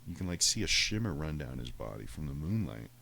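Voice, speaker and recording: A podcast host telling a casual, profane story, animated and laughing often. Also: male voice, extremely low pitch, a little fast, vocal fry, breathy edge.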